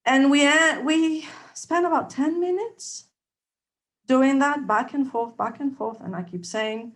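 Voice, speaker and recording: A woman giving a testimonial, telling a personal story in an animated way, moving between soft asides and emphatic lines. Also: sits high, measured pace. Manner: animated, acts out dialogue, loudness swings between soft and emphatic. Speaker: trainee observer giving a testimonial.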